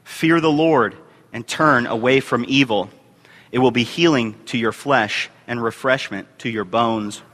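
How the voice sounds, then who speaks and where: A male minister preaching a sermon, his bright, forceful voice carrying long reverb around a church sanctuary. He reads scripture in measured phrases and lifts his voice for emphasis. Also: medium pitch. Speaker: youth and family minister.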